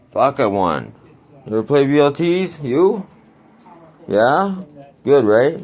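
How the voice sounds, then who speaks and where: A man's voice: sits low, a little mellow. A man in his forties telling a rambling, crude story in a casual vlog, laughing often. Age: 40s. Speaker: vlogger.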